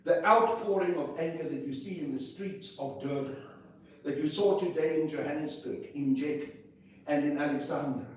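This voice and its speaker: A man, speaking as an interview guest in a forceful, indignant way, piling up rhetorical questions. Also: a little high, normal speed. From South Africa. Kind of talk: impassioned political interview. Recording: echoey room, distant mic, faint noise.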